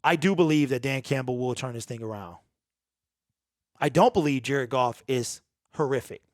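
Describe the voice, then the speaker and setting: A man's voice: medium pitch, normal speed, dry recording, studio quality. A man hosting his own sports channel, speaking in a raw, unedited, emphatic and emotional monologue to his viewers. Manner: emphatic, repetitive, earnest and emotional. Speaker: host of a sports talk channel.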